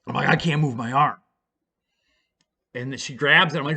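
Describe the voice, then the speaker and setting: Bright-voiced man telling a rowdy story. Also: medium pitch, animated, fairly quick, breathy edge. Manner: rambling and profane, with many fillers. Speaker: storyteller vlogger. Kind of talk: casual storytelling.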